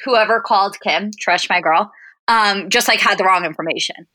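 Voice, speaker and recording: A woman's voice: medium pitch, moderate pace, pushed and bright, dry recording. A woman co-hosting a podcast in casual chat, with a wry, teasing manner. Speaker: podcast co-host.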